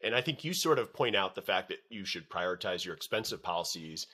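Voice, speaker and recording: A man hosting a finance podcast, asking long, measured interview questions. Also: low voice, big pitch swings, pushed and bright. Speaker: podcast host. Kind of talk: interview host.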